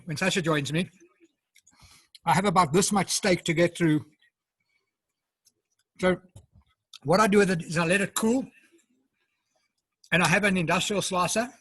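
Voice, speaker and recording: A high-pitched man with a South African accent walks viewers through his cooking, chatty and unhurried, taking bites as he talks. His voice carries a husky edge. It comes through a video call and sounds close and dry. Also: bright, forceful tone, dry recording. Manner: chatty, explains step by step, eats while talking. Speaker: home cook presenting. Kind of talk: casual live cooking demo.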